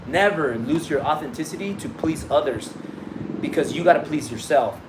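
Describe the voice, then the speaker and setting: A man's voice: a little high, expressive, moderate pace, noisy background. Blunt, cussing motivational man. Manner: profane, blunt, pep-talk delivery with frequent restarts. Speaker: business and marketing coach. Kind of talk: motivational livestream talk.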